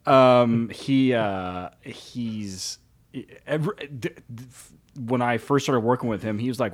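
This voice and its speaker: A man's voice: mid-range voice, measured pace. A man hosting a casual podcast, telling profane stories with laughing asides. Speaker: podcast host, kennel dog trainer.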